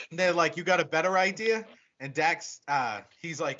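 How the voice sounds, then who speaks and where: A man co-hosting a podcast in casual chat, excitedly retelling a movie plot with lots of swearing and acted-out quotes. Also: on the high side, normal speed, highs cut off, noisy background. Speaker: podcast co-host reviewing a horror movie.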